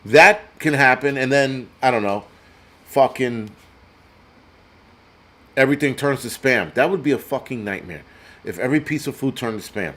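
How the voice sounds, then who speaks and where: A man's voice: mid-range voice, animated, normal speed, long pauses, fairly bright tone. Crude ranting male prepper host. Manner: reads donor names aloud. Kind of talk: profane live-stream commentary.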